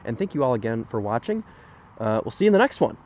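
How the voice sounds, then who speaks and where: A man's voice: mid-range voice, big pitch swings, fast talker, a little mellow. A man with a sick voice, giving a casual, enthusiastic point-of-view car review from in and around a car. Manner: enthusiastic, chatty with frequent "like" fillers.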